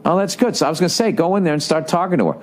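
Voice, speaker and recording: A man's voice: a little high, lively intonation, very fast. Profane, sarcastic ranting podcast host man. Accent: Boston. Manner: reads listener emails aloud with running commentary. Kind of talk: rambling comedic monologue.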